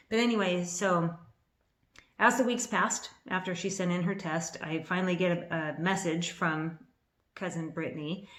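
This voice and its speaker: A woman in her fifties telling a personal story to camera in an excitable, rambling way, a little nervous, with restarts and bursts of laughter. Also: fairly low pitch. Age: 50s. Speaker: vlogger. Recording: echoey room.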